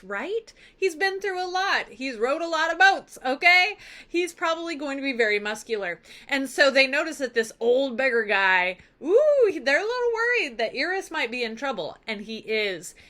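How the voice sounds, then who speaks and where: Bright, lively woman teacher. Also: high voice, moderate pace, few pauses. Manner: lively, chatty, acts out characters' lines. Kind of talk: casual literature lesson recap.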